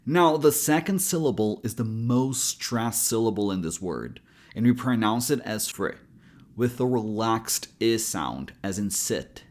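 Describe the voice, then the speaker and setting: A man with an American accent teaching a pronunciation lesson, breaking words into sounds slowly and carefully. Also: lowish voice, very animated, darkish tone. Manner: slow, careful, spelling out sounds. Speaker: accent coach.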